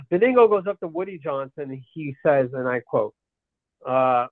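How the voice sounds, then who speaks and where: Guy rambling through a story on a podcast, kinda high voice, sounds like a phone line. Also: measured pace, pauses often, no room sound. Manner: rambling anecdote with restarts and quoted dialogue. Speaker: podcast guest. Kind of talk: casual storytelling. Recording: tinny phone-like line, dry.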